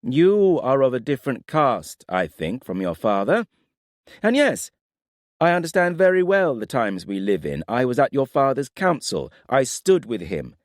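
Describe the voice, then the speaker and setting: A man voicing a proud, stern king who speaks in a forceful, clipped, lecturing way. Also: mid-range voice, sing-song, measured pace, dry recording, clean studio sound, voice pushed up.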